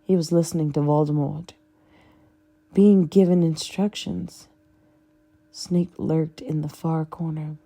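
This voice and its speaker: A woman reading a fanfiction audiobook with a low, dark, gravelly voice. She takes the story slowly and steadily, with a husky grain on every line. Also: fairly even intonation. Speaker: audiobook narrator.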